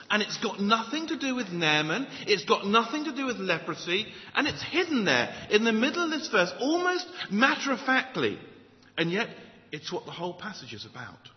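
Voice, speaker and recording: Lively preacher man in a hall. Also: high-pitched. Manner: animated storyteller, rhetorical questions. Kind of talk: sermon. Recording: dull audio in a reverberant hall.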